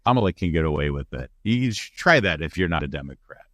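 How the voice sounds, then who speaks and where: A man with a very deep voice hosts a commentary show, talking in a punchy, opinionated way. The sound is dry and close, with no room around it. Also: expressive, fast talker, a bit bright, no echo. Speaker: show host. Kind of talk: political commentary.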